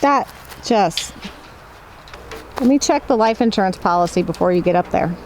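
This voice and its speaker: A woman's voice: mid-range voice, moderate pace. A woman hosting a home vlog, talking casually to camera in a chatty, rambling way with lots of fillers. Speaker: vlog host. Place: at home, in and out of doors. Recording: steady hiss under the voice.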